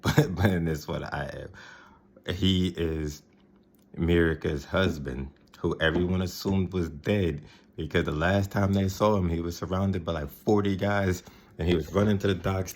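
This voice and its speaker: A man's voice: low voice, fairly even intonation, normal speed, a little hiss or hum. A man casually recapping a TV episode, rambling, laughing often and mimicking the characters. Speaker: video host recapping a TV episode.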